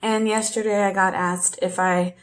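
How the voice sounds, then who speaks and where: A woman teacher talks informally to her class on video before a reading, sounding easygoing and friendly. Her voice is medium in pitch with little pitch movement, and she speaks at normal speed. She's chatty and casual, with small laughs along the way.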